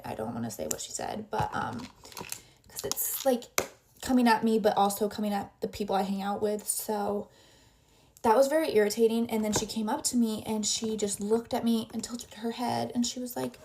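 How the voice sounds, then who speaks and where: A woman's voice: on the high side, a little mellow. A young adult woman casually telling a story while getting ready, rambling and packing her talk with "like" fillers.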